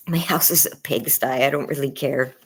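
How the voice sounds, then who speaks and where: A woman with a sore throat chatting casually on a livestream from her front yard, soft, weary and apologetic. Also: rumbling low, slight background noise. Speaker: livestream host.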